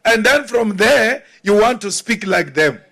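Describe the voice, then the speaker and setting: A political leader giving an emphatic, deliberate speech with mocking asides. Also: male voice, high voice, expressive, vocal fry, sharp tone. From South Africa.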